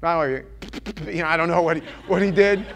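A New York preacher with a fairly high male voice delivers a sermon fast. Animated and playful, he acts out voices and jokes as he goes.

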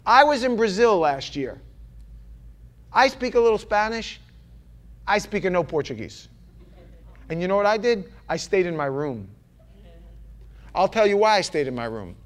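A man preaching a sermon in a loose, chatty way, full of restarts and asides. His voice sits a little high for a man and swings between lively, raised stretches and soft, low mutters. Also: normal speed, pauses often. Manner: conversational, rambling with restarts and sudden drops to a murmur.

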